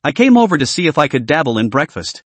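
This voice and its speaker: A man's voice: a little high, sing-song, quick pace, no echo. Guy doing a boasty cheerful older bro in a storybook, dry mic. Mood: jovial. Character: older brother, young man, teasing and jovial.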